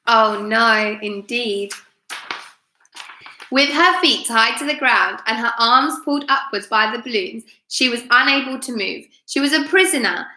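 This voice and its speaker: A woman teacher reading a storybook aloud, expressive and chatty. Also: on the high side, unhurried. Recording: roomy echo.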